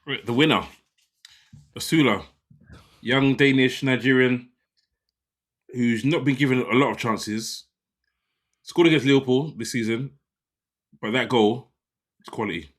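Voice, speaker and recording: A man joins in casual football banter on a podcast. He talks in stop-start bursts and repeats words as he gathers his thoughts. His pitch sits in the middle for a man. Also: a little slow, long pauses. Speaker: podcast co-host.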